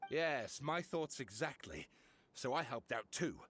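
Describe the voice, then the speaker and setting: A man's voice: mid-range voice, unhurried, slight background noise. An actor playing an eager male writer who talks theatrically and builds up his reveals. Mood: excited. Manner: theatrical, excitable, dramatic build-ups.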